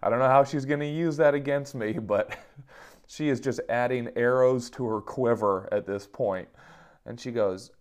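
A man's voice: mid-range voice, normal speed, clean tone. A man in his thirties telling funny personal stories in a casual monologue, self-mocking and chuckling often.

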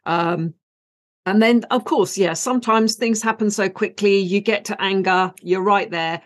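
A woman with a British accent speaks as an interview guest, calm and measured, laying out her ideas one step at a time. Her pitch sits in a medium range. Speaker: acupuncturist, guest. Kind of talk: explanatory interview answer.

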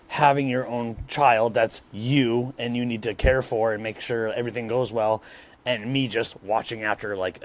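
A man on a casual podcast, giving his opinion haltingly and restarting as he searches for words. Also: medium pitch. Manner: hesitant, rambling, searching for words. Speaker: podcast co-host.

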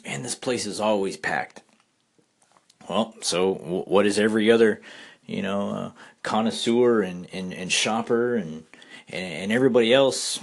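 A man casually telling a rambling personal story, full of restarts and fillers. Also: low voice. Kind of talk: casual anecdote.

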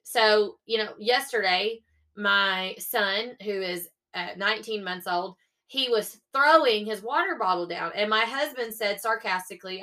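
A young woman hosts a faith-based motivational podcast, upbeat and coaxing, frequently checking in with her listeners. She speaks at a measured pace in a medium-pitched, bright, forceful voice.

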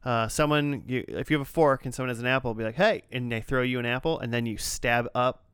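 A man's voice: medium pitch, fast talker, a bit bright, smooth, no room sound, studio quality. A man co-hosting a casual podcast chat, telling rambling stories with playful exaggeration. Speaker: podcast co-host.

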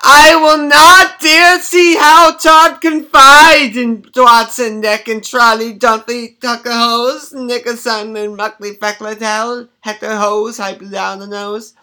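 A man putting on a high, slow, theatrical voice as a bad guy confessing his sins. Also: level tone, clear, resonant tone, exaggerated voice. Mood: wailing. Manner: slow, loud, theatrical lament. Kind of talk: mock confession voice.

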